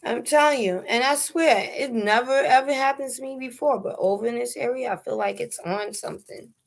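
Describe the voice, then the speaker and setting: This high-pitched, creaky voice belongs to a young New York City woman with a matching accent. She's doing a laid-back livestream chat on her phone, stretching out her words, laughing a lot and using plenty of slang.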